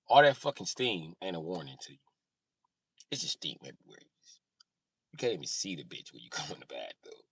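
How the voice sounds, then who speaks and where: A man's voice: low-pitched, slightly rough, dry recording. A male comedian telling crude, profane stand-up stories on a live stream.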